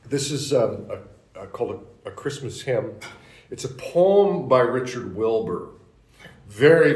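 Man, low-pitched voice, informal talk at a breakfast gathering, casual explanatory delivery, live room echo. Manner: relaxed, explanatory, with restarts and asides. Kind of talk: informal lecture. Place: college hall.

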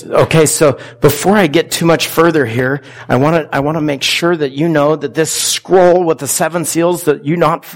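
Man, mid-pitched pastor; casual, questioning sermon delivery to a church congregation. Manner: conversational, asks the congregation questions.

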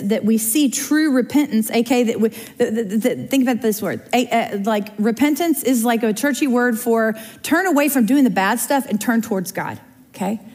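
A woman's voice: on the high side, darkish tone. Chatty woman teaching a Bible class. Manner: chatty, checks in with "okay?" and "right?" often. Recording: long reverb of a large room.

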